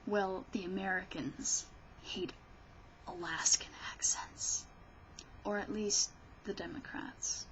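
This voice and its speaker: Slow, rambling sarcastic woman ranting. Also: medium pitch, fairly bright tone, a little hiss or hum, poor audio. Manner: rambling and sarcastic, many restarts. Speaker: vlogger. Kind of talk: casual political rant.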